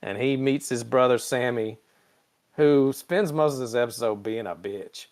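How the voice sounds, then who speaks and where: A man's voice: medium pitch, a little mellow. A man hosting a podcast, casually recapping an episode and briefly mimicking characters' lines. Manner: recaps scenes in quick mimicked voices. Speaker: podcast host.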